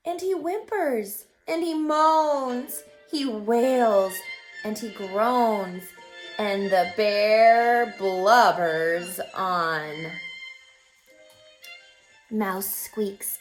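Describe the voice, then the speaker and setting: A woman teacher reads a rhyming picture book aloud, playful and expressive, then talks it over with young listeners. Her voice sits a little high, and she takes her time. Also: slow, soft background music. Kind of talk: read-aloud storytelling and lesson.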